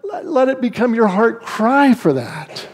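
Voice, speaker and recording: A man delivers a sermon as pastor, in a lively storytelling manner. He acts out the characters he describes, and his voice leaps up in pitch for them. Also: unhurried, husky. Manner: animated storytelling, acting out voices with big pitch swings.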